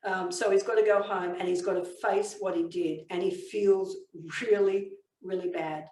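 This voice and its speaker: A woman giving a communication training webinar, explaining and telling a story in a measured way. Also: medium pitch, steady tone, a little mellow. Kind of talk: webinar teaching. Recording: echoey room, mic far off.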